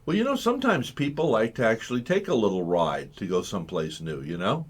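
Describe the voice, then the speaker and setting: A man's voice: on the low side, very animated, a little fast, slightly rough. A man hosting a live call-in radio show, chatting with a caller in a folksy way and asking lots of questions. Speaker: radio talk show host.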